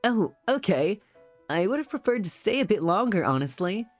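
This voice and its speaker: A man's voice: sits high, very animated, moderate pace, soft background music, pitched above the performer's own voice. A man voicing a playful tall young man in a visual novel reading, talking in a breezy, teasing way.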